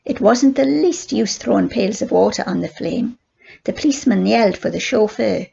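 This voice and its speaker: An older woman, a grandmother, reading a children's book aloud in steady, plain narration. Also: medium pitch, normal speed, gravelly, breathy edge, muffled recording. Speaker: grandmother storyteller.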